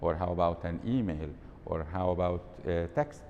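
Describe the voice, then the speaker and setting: Speaking at a moderate pace in a slightly mellow voice, a workshop speaker quizzes his audience and demonstrates tones of voice live in an event hall. The sound is lo-fi, with long hall reverb and a faint rumble.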